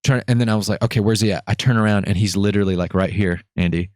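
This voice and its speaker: A man hosting a podcast, telling a story in a casual, animated way, acting out voices and swearing freely. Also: lowish voice, fast, smooth. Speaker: podcast host.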